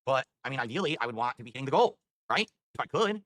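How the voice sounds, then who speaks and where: A man's voice: medium pitch, big pitch swings, fast, fairly bright tone. A man streaming live, rambling in an exasperated way and swearing as he talks. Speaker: livestreamer.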